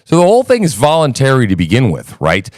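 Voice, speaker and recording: A man's voice: medium pitch, huge pitch swings, fast talker, darkish tone, no echo, studio quality. A man in a live audio chat, explaining emphatically and checking in with listeners. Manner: emphatic explaining, keeps asking "right?". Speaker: chat participant. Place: remote live audio room.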